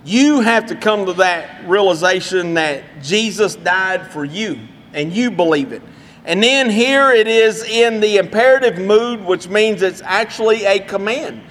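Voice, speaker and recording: A man's voice: sits high, fairly bright tone. A middle-aged man preaching a sermon in an earnest, conversational way with folksy asides. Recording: long hall reverb.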